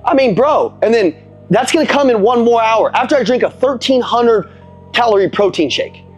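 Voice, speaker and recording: A man's voice: extremely high pitch, lively intonation, moderate pace, soft background music. A young man giving blunt, profane motivational coaching on a call. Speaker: motivational speaker.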